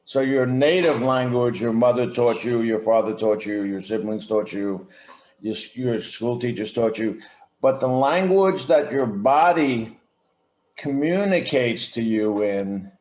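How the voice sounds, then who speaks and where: This podcast guest, joining by video call, has a medium-pitched, slightly mellow voice with reverberation. In a conversational interview he explains his thinking slowly and reflectively, restarting sentences often.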